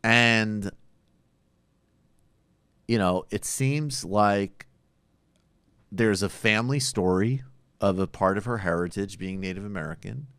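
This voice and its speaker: A man's voice: on the low side, slow, long pauses, a bit bright, clear, resonant tone, no room sound. A man hosting a podcast, giving blunt, opinionated political commentary that is profane at times. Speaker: podcast host.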